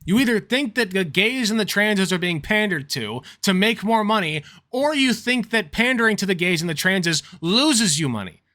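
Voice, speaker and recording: Reaction youtuber guy, sarcastic, bright sharp voice, dry close sound. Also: sits high, normal speed, hardly any pauses, no echo. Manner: excitable and sarcastic, with sudden outbursts. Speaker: reaction video host. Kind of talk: casual reaction commentary.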